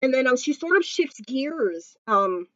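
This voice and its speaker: Bright, high-voiced gushing fan woman. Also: sing-song, unhurried, no echo. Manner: gushing, emotional fan talk with many fillers; close to tears at times. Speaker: vlogger recapping a TV episode. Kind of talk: casual episode recap. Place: indoors at home. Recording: dry, slightly dull home recording.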